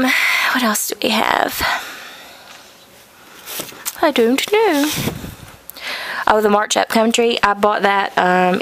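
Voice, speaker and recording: A woman's voice: mid-range voice, a little hiss or hum. A young adult woman giving a casual, rambling bookshelf tour in her home studio, full of ums and likes, recorded on a camcorder. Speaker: vlogger. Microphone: camcorder mic.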